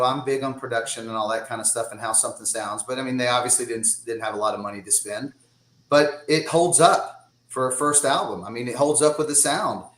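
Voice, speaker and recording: A man's voice: mid-range voice, a bit bright, echoey room, poor audio. A man in his fifties with a Southern US accent, a guest drummer chatting casually in a rambling way and laughing often. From Georgia, US. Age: 50s. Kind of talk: casual chat.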